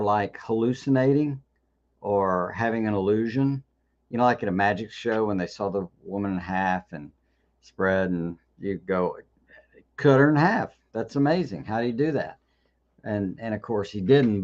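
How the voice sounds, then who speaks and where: A man's voice: on the low side, darkish tone, highs cut off. A man hosting a live question-and-answer session, talking in a loose conversational way with frequent restarts and repeated words. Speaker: host. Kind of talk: live Q&A talk.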